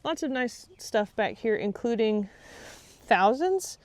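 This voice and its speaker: A woman's voice: mid-range voice, unhurried, darkish tone, no room sound. A woman hosting a casual gardening vlog outdoors in her garden, chatty and easily distracted, laughing often. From Texas. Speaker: gardening channel host. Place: outdoor garden on a rainy day.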